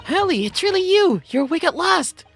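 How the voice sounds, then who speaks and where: A man voicing a bright, adoring young girl in a squeaky, excited falsetto while reading game dialogue. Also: moderate pace, soft background music, exaggerated voice. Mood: overjoyed.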